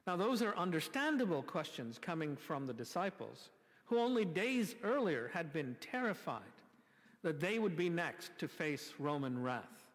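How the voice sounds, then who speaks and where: Male pastor, sermon delivery: expressive, wry, rhetorical, slightly high voice, church reverb. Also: moderate pace. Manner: animated, rhetorical questions, wry asides. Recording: long reverb from a church hall.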